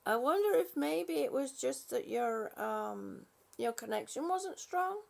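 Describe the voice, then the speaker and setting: An older woman chats slowly with her viewers on a live stream and answers their comments one by one. Her voice sits fairly high and has a gravelly rasp. She often stops to restart her sentences. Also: expressive. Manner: chatty, warm-hearted, with frequent "um" and restarts. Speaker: channel host.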